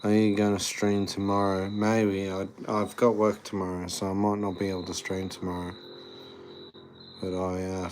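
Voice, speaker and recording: A man's voice: low-pitched, a little mellow, a little hiss or hum. A tired young man, chatting casually on a live stream, rambling with lots of fillers as he reads and answers chat. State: tired after the gym.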